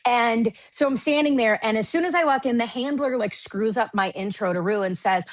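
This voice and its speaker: A woman from Michigan, a Broadway actress guesting on a podcast, telling a casual anecdote in a lively, self-deprecating way with lots of "like". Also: a little high, fairly quick, no room sound. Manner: animated, self-deprecating, heavy use of "like".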